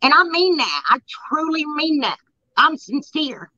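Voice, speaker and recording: A woman's voice: high voice, very animated, a little slow, sharp tone, dull audio. A woman talking heartfelt and tearful in a casual chat. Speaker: guest YouTuber.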